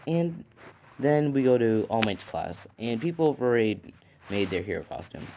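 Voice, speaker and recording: A man's voice: mid-range voice, sing-song, normal speed, a little mellow, a little hiss or hum. A man at home casually retelling a fan story, rambling with fillers and asking "right?" along the way. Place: at home with his dog.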